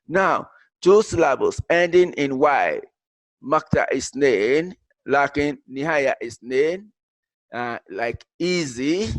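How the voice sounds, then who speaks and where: A man teaching an English grammar lesson, explaining in English mixed with Arabic, halting and repeating himself with many fillers. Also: mid-range voice, animated, no room sound.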